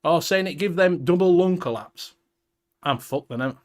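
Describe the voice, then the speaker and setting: A man's voice: fairly high pitch, normal speed. A Welsh man hosting a casual livestream chat, ranting bluntly with heavy swearing. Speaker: show host.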